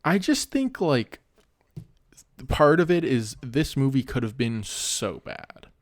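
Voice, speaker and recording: A man's voice: mid-range voice, very animated, slow pace, no echo, clean studio sound. A young man co-hosting a movie podcast, bantering bluntly with profane teasing, talking through earbud headphones. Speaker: podcast co-host. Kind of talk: casual chat.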